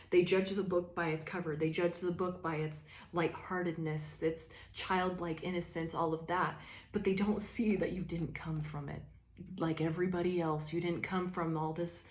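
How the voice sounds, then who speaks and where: A woman giving a casual, profanity-laced tarot reading to her viewers, drawling and loose with fillers. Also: on the low side. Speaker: tarot reader.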